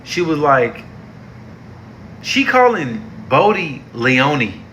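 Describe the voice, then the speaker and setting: A man's voice: fairly high pitch, sing-song, drawn-out words, pushed and bright, slight background noise. A young man giving a casual, heated review of a TV show, slangy and exasperated, repeating himself for emphasis.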